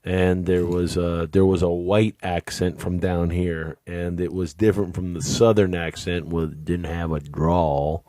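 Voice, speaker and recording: A man's voice: deep voice, little pitch movement, unhurried, few pauses, mellow, no echo, soft background music. A man born and raised in Miami, telling stories in a casual podcast chat with emphatic bursts. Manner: storytelling, emphatic. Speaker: podcast co-host.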